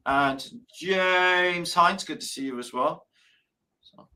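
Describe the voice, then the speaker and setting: A man's voice: a little high, slow, bright, forceful tone. A man hosting a live stream, chatting casually, swearing freely and telling dad jokes. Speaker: livestream host.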